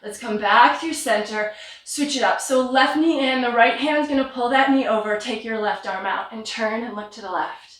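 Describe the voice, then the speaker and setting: A woman leading a guided yoga class from home, giving relaxed, encouraging cues while slightly out of breath. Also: a little high, moderate pace. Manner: relaxed, encouraging cues with light self-deprecation. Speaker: yoga instructor. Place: home practice room. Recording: roomy sound from a distant mic.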